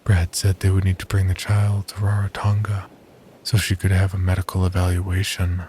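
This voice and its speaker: A man narrating a horror story in a measured, scripted storytelling manner. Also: deep voice, completely flat delivery, darkish tone, a little hiss or hum.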